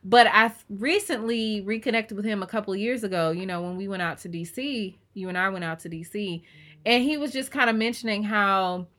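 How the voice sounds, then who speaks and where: A woman's voice: medium pitch, brisk, a bit bright. A young woman co-hosting a podcast, talking candidly in casual chat, swearing freely and leaning on fillers. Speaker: podcast co-host.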